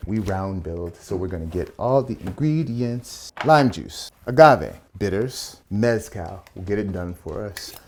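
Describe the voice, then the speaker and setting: A man's voice: low-pitched, lively intonation, unhurried, few pauses, a little hiss or hum. Chatty man mixing cocktails. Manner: chatty and playful, with asides and slang. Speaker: bartender and channel host. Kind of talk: casual cocktail tutorial.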